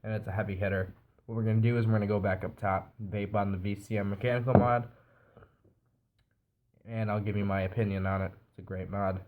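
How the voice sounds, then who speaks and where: Low flat-voiced man with a stuffy nose. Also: brisk, phone-quality sound, very noisy. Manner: relaxed, explains while assembling. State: nasal from a cold. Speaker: product reviewer. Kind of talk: casual hands-on review.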